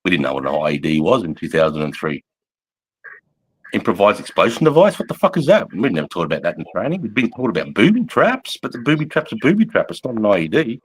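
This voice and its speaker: Australian man, forties, low voice, foul-mouthed rambling army yarns, mate and bro every line. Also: very animated, quick pace, breathy edge, low-quality recording. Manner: swears constantly, rambling, calls listener mate and bro. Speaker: army veteran guest. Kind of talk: casual storytelling.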